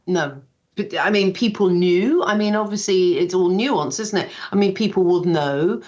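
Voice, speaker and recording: An older woman talks in a chatty, self-deprecating way, slipping into little voices for the people in her stories. She has a medium-pitched voice, and the sound is a touch dull and muffled. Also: moderate pace, a little mellow. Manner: chatty, self-deprecating, acts out quoted dialogue. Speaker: guest author. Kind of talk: casual radio interview.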